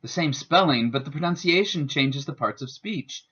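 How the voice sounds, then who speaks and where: A man giving a scripted instructional narration as a student presenter, with a careful, deliberate teaching delivery. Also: a little high, animated, fairly bright tone, breathy edge. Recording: dull lo-fi voice-over.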